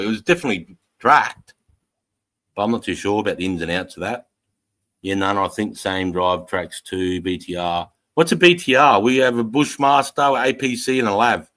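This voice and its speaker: A man's voice: fairly low pitch, a bit bright, low-quality recording. A man casually hosting a livestream, telling stories bluntly with plenty of swearing. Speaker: livestream host.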